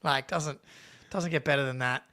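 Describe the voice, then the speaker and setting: A man co-hosting a casual sports podcast, animated and swearing casually as he chats. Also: medium pitch, moderate pace. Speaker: podcast co-host.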